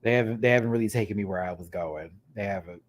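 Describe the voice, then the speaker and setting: A man ranting through a TV review on his vlog, frank and swearing freely. His delivery is animated, dropping to low mutters and then bursting into loud outbursts, and he scats rhythms out loud. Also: fast talker. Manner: frank and profane, scats beats aloud. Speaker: TV review vlogger. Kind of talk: casual rant review.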